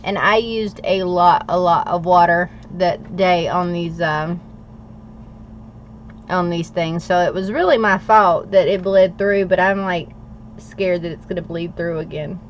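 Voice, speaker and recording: A woman's voice: on the low side, steady tone, measured pace, dull audio, slight background noise. Chatty American woman, laughing often. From United States. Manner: chatty, laughs often, talks while working. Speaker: planner livestream host. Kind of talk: casual chat with live viewers.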